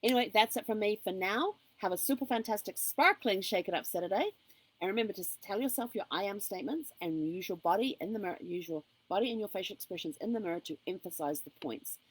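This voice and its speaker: A woman's voice: medium pitch, expressive, fast, husky, no echo, poor audio. A woman giving an upbeat, encouraging motivational vlog to camera, with frequent ums. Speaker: motivational vlogger. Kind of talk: casual motivational talk to camera.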